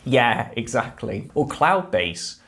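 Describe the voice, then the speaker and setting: A man's voice: medium pitch, big pitch swings, slow, a bit bright. A man co-hosting a podcast, chatting casually and giving opinions from his notes. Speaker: podcast co-host. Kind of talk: casual chat.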